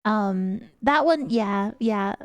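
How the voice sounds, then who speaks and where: A woman's voice: medium pitch, lively intonation, extremely slow, dry recording. A young British woman streaming live, chatting casually and giggling as she greets her viewers. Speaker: VTuber streamer.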